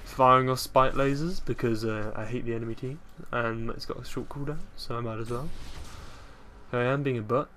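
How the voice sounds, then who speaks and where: A man's voice: medium pitch, fairly even intonation, brisk, pushed and bright, a little hiss or hum. A man giving casual, rambling commentary over his own gameplay, joking at his own expense. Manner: rambling, self-mocking, jokey.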